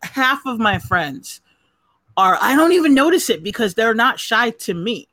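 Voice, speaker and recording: A woman's voice: a little high, big pitch swings, unhurried, a bit bright, no room sound. A woman from Southern California hosting a live call-in chat show, chatty and profane, often laughing. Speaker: podcast host taking calls.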